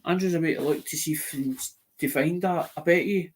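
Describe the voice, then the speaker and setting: A man's voice: on the high side, fairly quick, a little hiss or hum. A man with a Scottish accent, chatting casually and rambling as the host of an online auction channel, restarting and repeating himself.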